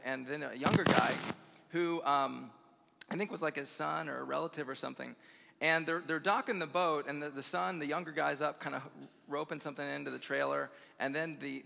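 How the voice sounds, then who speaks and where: A man preaches to a college audience in a sermon full of personal stories, upbeat and effusive, often chuckling. His voice sits fairly high, bright and forceful with a gravelly edge. The sound rings with the long reverb of a big hall. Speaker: guest speaker at a college chapel conference. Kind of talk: conference sermon with personal storytelling.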